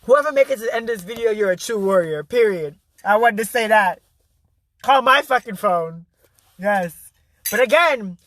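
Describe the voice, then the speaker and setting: A man's voice: very high voice, fairly bright tone, no room sound. A man giving an intense, emphatic motivational vlog monologue, swearing freely and repeating his key phrases for emphasis. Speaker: spiritual motivational speaker.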